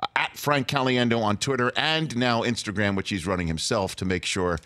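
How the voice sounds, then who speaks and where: A man hosting a talk show from a studio, giving brisk plugs and short replies. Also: on the low side, bright, forceful tone, no echo. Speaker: show host.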